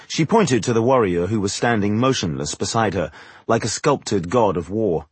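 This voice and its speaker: A man reading fantasy narration for an audiobook in a measured, dramatic way. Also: on the low side, animated, slightly rough, no room sound.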